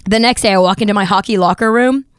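A woman's voice: medium pitch, fast talker, clear, resonant tone, dry recording, studio quality. A woman, hosting a podcast and animatedly telling an anecdote, acting out the voices of the people in it. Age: 40s. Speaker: podcast host. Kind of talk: casual storytelling chat.

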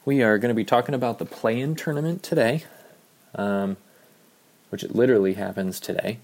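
A man's voice: medium pitch, moderate pace, darkish tone. A man hosting a casual sports podcast, talking in a rambling, offhand way with many ums, a little out of breath. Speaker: podcast host.

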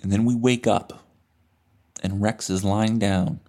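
A man hosting a podcast, casually retelling a movie in a profane, animated way. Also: lowish voice, slow. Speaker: podcast host. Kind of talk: casual storytelling chat.

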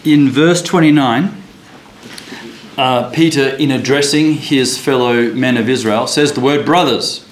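A man's voice: mid-range voice, a little slow. A man leading a casual Bible study, chatty and laughing, often restarting his sentences. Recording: echoey room with faint noise.

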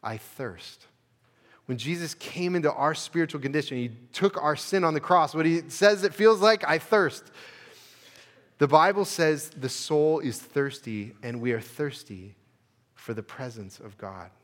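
American guy preaching a sermon, earnest, gets loud then soft, long church reverb. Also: a little high, moderate pace. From United States. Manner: earnest preaching, building to emphatic peaks and dropping soft. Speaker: pastor. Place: church sanctuary.

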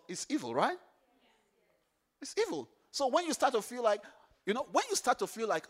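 A man preaching a sermon, animated, repeating phrases for emphasis and swinging from hushed to loud. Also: very high-pitched, fairly quick, a little hiss or hum.

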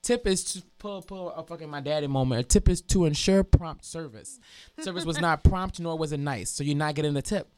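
A man's voice: on the high side, brisk. A young man on a podcast telling stories in casual chat, cursing often and speeding up when worked up. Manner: profane, animated storytelling with sudden bursts of speed.

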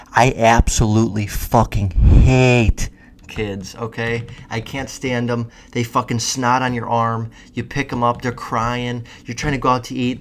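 A nineteen-year-old man rambling casually to viewers, answering questions with lots of swearing and animated rants. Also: medium pitch, slight background noise. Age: young adult. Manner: profane, animated, self-deprecating rants.

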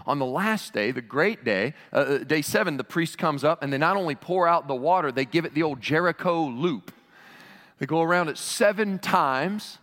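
A man preaching a sermon as pastor, animated and emphatic, his voice climbing to shouts on key lines. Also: fairly high pitch, in a large hall.

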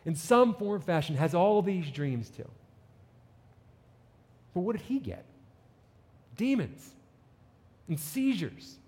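A man preaching a sermon with an animated delivery, reading scripture and acting out the people in it. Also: high voice, long reverb tail. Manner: animated preaching, reads scripture and acts out quotes. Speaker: pastor.

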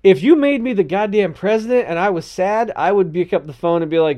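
Man, podcast co-host, slightly high voice, rambling, hesitant, comic rants. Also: brisk, darkish tone. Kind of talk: casual political chat.

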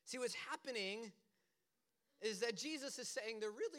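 Bright, high-voiced male preacher. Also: normal speed, long pauses. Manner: animated storytelling with casual asides. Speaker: pastor. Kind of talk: casual conversational sermon.

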